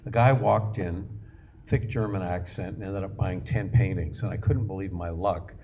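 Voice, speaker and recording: An older man with a lowish voice lectures to an audience, spinning wry, self-mocking stories with plenty of ums and uhs. The recording carries a steady layer of background noise. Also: normal speed. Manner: chatty storyteller, wry and self-mocking, frequent fillers. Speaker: guest lecturer, artist. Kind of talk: anecdotal public lecture. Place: lecture room.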